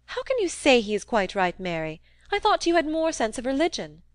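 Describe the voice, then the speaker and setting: A woman's voice: high voice, huge pitch swings, fairly quick, no echo, voice pushed up. A woman reading the part of a prim, mild young woman who complains in a lifted, reproachful tone.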